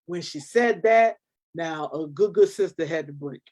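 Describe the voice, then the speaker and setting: A woman's voice: low voice, a little slow, rough recording. Woman telling a story with feeling. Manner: animated, emotional storytelling with quoted dialogue. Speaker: nonprofit founder. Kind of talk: personal storytelling in an interview.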